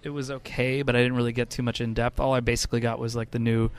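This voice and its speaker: Tired, quiet-voiced male podcast host. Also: medium pitch, little pitch movement, fast, smooth. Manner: talking quietly, laid-back. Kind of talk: casual podcast chat. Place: hotel lobby.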